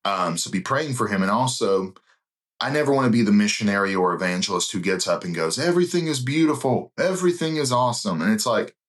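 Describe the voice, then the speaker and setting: Deep-voiced man, evangelist, earnest and reflective storyteller, unhurried with pauses. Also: a bit bright. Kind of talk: conversational storytelling.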